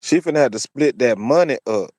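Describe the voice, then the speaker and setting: Brisk and expressive, this commentary host's mid-range voice carries a slightly mellow quality. He moralizes through his opinions, repeating phrases over and over, in a dry, clean studio recording.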